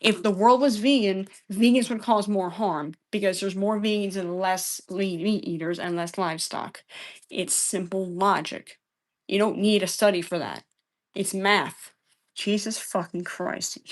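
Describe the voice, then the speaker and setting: A woman's voice: mid-range voice, fairly even intonation, measured pace. A woman live-streaming a debate, answering chat questions in an exasperated, profane way and repeating herself.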